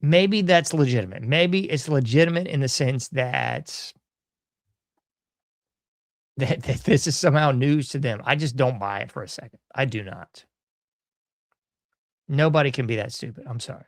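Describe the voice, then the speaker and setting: A man's voice: mid-range voice, measured pace, long pauses, no echo, studio quality. A man hosting a podcast in casual commentary, folksy and sarcastic, often chuckling. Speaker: podcast host.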